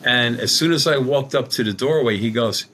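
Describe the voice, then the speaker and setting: Brief: middle-aged male medium guest, colloquial rambling storyteller, mid-pitched. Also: normal speed, a bit bright, slight background noise. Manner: rambling, colloquial, acts out quoted dialogue. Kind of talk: conversational storytelling.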